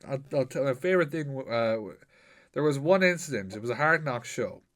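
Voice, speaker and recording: A man hosting a casual podcast interview, telling animated stories and swearing freely. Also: medium pitch, normal speed. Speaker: podcast host.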